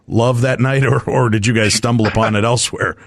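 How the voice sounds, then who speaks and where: Gravelly radio host asking quick questions. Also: male voice, mid-range voice, steady tone, no echo, studio quality. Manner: quick, jokey follow-up questions. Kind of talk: conversational radio interview.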